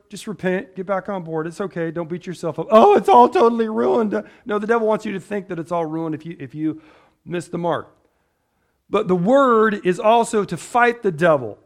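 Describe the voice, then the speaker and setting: Man preacher, slightly high voice, emphatic sermon delivery, rhetorical questions. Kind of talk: sermon with scripture reading.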